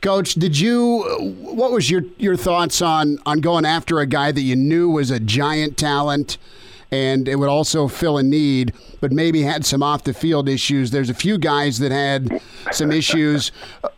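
Higher-voiced male sports radio host. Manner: halting questions, plain read ad copy. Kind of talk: sports talk radio interview.

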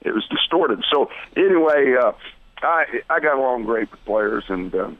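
A gravelly older man spins blunt, folksy coaching stories with plenty of restarts. His voice comes through a tinny, phone-like line that sounds dry and close. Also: medium pitch, lively intonation, moderate pace, dry recording. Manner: folksy, blunt, swears casually, rambling restarts. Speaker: guest, retired football coach. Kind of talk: storytelling radio interview.

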